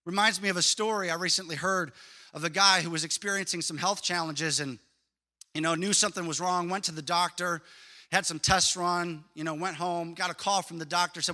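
A man preaching a sermon as a pastor, lively and emphatic, telling stories. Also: high-pitched, brisk.

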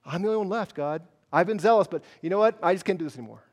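A man's voice: high-pitched, very fast, in a large hall. A man voicing a weary, despairing male prophet who sounds defeated. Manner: tired, defeated.

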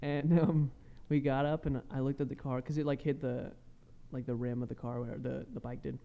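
A man's voice: medium pitch, little pitch movement, fairly quick, gravelly, warm tone. A young man, co-host of a podcast, telling a casual story that he acts out with quoted voices and frequent laughs. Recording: dull lo-fi sound.

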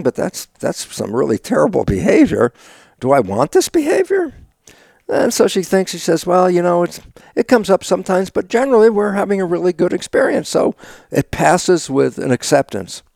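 An older man talks as an interview guest, his voice gravelly and a touch high for a man. He acts out his own dialogue, breaks into sudden loud bursts and laughs often. The recording is dry and close, with no room sound. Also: sing-song, fairly quick, dry recording. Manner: laughs often while talking. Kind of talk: animated conversational storytelling.

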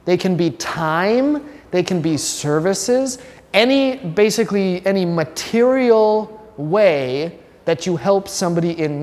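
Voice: medium pitch, darkish tone, big-room sound. A religion teacher giving a classroom lesson in a conversational, joking way, quizzing students by name.

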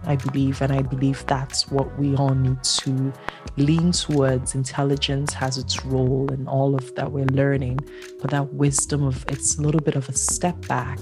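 A woman from Nigeria, a writer and storyteller, speaking as a podcast guest in a calm, measured, meditative way. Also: a bass voice. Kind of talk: reflective interview answer.

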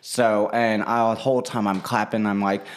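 A young man chatting casually, telling a work story in an animated, profane way and acting out what people said. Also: fairly low pitch, normal speed. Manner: animated, swears freely, slips into quoting people.

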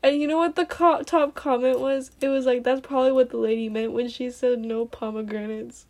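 A young woman chatting on a late-night livestream, her voice sitting somewhat high. She tells stories with animated emphasis and fires off pointed questions. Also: a little fast. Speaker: livestream co-host.

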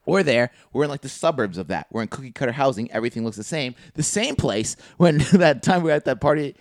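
A man's voice: mid-range voice, lively intonation, quick pace, dry recording, clean studio sound. A young adult man, co-hosting a podcast, telling rambling profane stories and laughing at his own jokes. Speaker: podcast co-host. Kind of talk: casual chat, storytelling.

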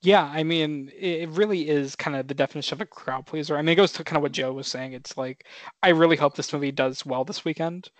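A man's voice: on the high side, fast talker, no room sound. A young man co-hosting a podcast, laid-back and filler-heavy, steering the talk with questions to his guests. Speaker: podcast co-host. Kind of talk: casual chat.

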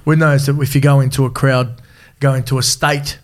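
A man, co-hosting a podcast in relaxed chat with casual swearing. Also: mid-range voice, a little fast. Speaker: podcast co-host.

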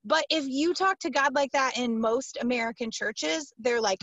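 Her voice sits high and moves at a moderate pace with few pauses, on a dry recording. She's a pastor answering interview questions, telling a story with animation, emphasis, a casual tone and plenty of fillers.

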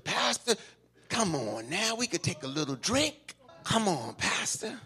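A man's voice: high-pitched, sing-song, measured pace, pushed and bright, pitched above the performer's own voice, exaggerated voice. A man putting on the voice of a worldly churchgoer coaxing the pastor, casual and teasing.

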